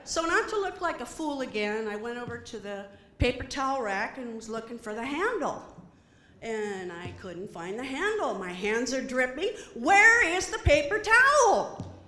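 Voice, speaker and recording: A middle-aged woman performing a stand-up comedy set, animated and acting out quoted voices. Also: on the high side, moderate pace, roomy sound. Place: comedy stage before an audience.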